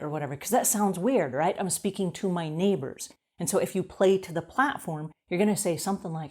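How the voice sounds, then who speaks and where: A woman's voice: fairly low pitch, normal speed, a little mellow. A woman who coaches cleaning businesses, giving casual advice in a chatty, conversational way, often checking in with "right?". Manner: acts out quoted voices on the fly. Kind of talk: casual advice talk to camera.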